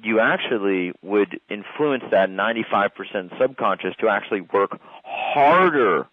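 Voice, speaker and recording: Low-voiced man on a phone-like line. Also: lively intonation, moderate pace, no echo. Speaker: host and hypnotist. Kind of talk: casual conversation. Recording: dry, phone-like audio.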